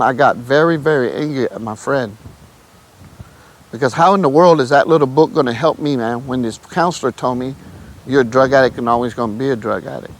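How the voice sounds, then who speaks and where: A man, telling his testimony in a casual, emotional way and often calling the listener "man". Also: medium pitch. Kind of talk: casual storytelling.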